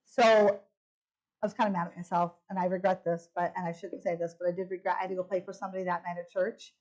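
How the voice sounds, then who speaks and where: A middle-aged woman talks quickly while sharing her personal testimony at a church women's retreat, and the audio has its highs cut off. She is animated and acts out quoted lines with big jumps in pitch.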